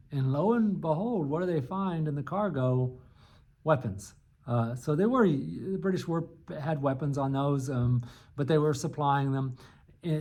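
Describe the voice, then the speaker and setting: A man's voice: a little high, a little mellow. Man giving a casual history lecture. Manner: conversational, many fillers and restarts. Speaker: history teacher. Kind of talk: unscripted recorded lecture.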